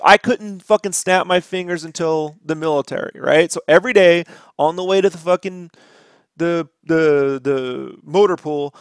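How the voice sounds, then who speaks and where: A man's voice: high-pitched, fairly bright tone, clear, resonant tone, dry recording, studio quality. A man ranting casually and profanely while drawing on a livestream, rambling from one aside to the next. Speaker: artist streaming a drawing session.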